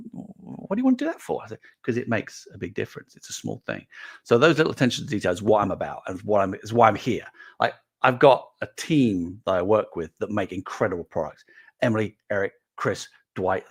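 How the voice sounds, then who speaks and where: Host role for a chatty man, lowish voice, animated storyteller. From England. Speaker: toy collecting show host. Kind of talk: casual monologue to camera.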